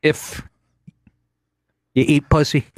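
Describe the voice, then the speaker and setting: In a studio-quality recording with no room sound, a middle-aged comedy talk show host takes it slowly. His comedic radio banter is a sarcastic, profane rant punctuated by frequent laughs.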